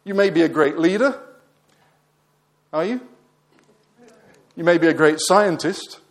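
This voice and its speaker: Emphatic preacher, fairly high voice. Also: male voice, measured pace. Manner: emphatic, asks the congregation questions, voice drops quiet at phrase ends. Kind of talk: sermon.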